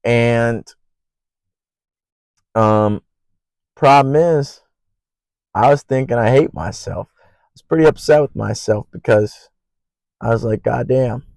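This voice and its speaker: Loud, swearing young man podcasting solo. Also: medium pitch, slow, vocal fry, pauses often, dry recording, poor audio. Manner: profane, rambling and earnest; loud by habit. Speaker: podcast host. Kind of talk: casual solo podcast monologue.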